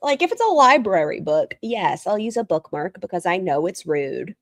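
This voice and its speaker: A woman's voice: medium pitch, normal speed, dry recording, clean studio sound. A woman hosting a casual livestream, reacting animatedly, swearing freely and often laughing. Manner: animated, profane, frequently breaks into laughter. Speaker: livestream host.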